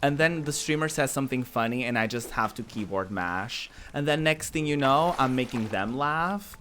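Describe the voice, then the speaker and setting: A man's voice: medium pitch, expressive, normal speed, fairly bright tone, slight background noise. A man streaming a game, chatting casually with his viewers, giggling often and answering chat aloud. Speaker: Twitch streamer.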